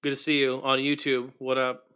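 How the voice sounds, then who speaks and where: A man talks casually to his livestream audience in a bright, forceful voice, middle pitch. He calls out viewers by name and murmurs asides while he works on his setup. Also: monotone, normal speed, clean tone. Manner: chatty, greets viewers by name, mutters while fixing tech. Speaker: livestream host.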